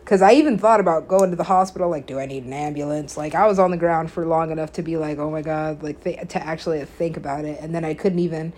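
A woman podcast host tells a personal story in a rambling, casual way, full of filler words and swearing, laughing often as she goes. Her voice is deep and darkish with fairly even intonation, fast with hardly any pauses, over a little hiss or hum.

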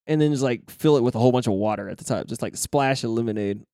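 A man's voice: medium pitch, fast, mellow, dry recording, clean studio sound. A young man chatting casually on a podcast, rambling, swearing and laughing often. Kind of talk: casual chat.

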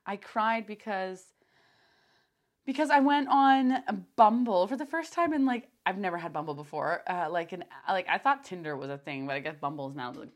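A young woman hosting her own podcast, talking in a loose, rambling monologue full of fillers and restarts, and getting animated when she retells her own thoughts. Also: medium pitch. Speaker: podcast host.

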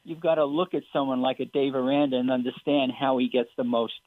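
A man's voice: mid-range voice, fairly even intonation, fairly quick, no room sound. Earnest man on a tinny phone line. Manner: earnest, emphatic, preacherly with rhetorical questions. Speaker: sports psychologist guest. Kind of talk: phone-in radio interview.

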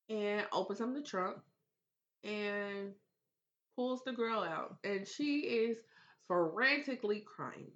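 A woman co-hosting a casual movie review podcast, recounting a film's plot with animated exasperation and plenty of swearing. Her voice has a bright, forceful tone at a middle pitch. The recording is dull and lo-fi.

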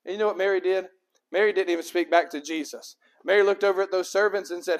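A male pastor preaching a sermon, driving his points with rhetorical questions and swings between loud emphasis and quiet. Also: sits high, expressive, fast talker.

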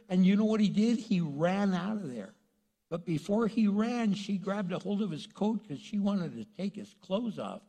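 Preacher retelling a story in a big hall. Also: male voice, high-pitched, normal speed. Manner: animated storytelling, acts out characters. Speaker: pastor. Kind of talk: sermon. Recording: long reverb in a large hall.

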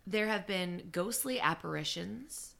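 A woman co-hosting a podcast, chatting casually and reacting with animated gasps. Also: medium pitch, unhurried, vocal fry. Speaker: podcast co-host. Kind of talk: casual chat.

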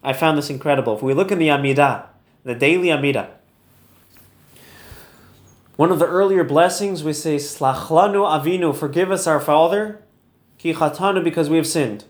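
A man's voice: a little high, moderate pace, long pauses. Chatty storytelling man in an echoey room. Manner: storytelling, chatty, laughs easily. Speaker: Torah teacher. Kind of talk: casual online Torah lesson.

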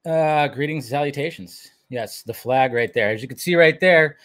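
A man's voice: mid-range voice, moderate pace, a bit bright. A man hosting a livestream in loose, casual chat, greeting viewers by name and swearing now and then. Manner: loose and chatty, reads out viewer names. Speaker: livestream host.

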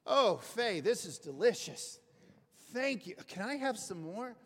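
A man doing a gushing, high-pitched dinner guest. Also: big pitch swings, unhurried, a bit bright, husky, in a large hall, exaggerated voice. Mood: delighted. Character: man gushing over a meal with delight.

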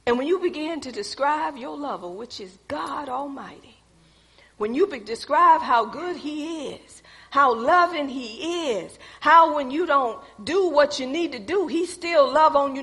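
A woman preaching a sermon, moving from soft storytelling to loud emphatic exhortation. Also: high-pitched, lively intonation, measured pace, long reverb tail. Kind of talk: sermon with personal testimony.

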